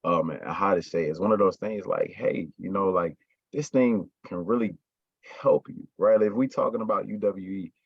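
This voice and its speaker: A man's voice: low-pitched, normal speed, gravelly, dry recording, dull audio. A man coaching his sales team in casual talk, stressing words and often checking in with "right?" and "you got me?".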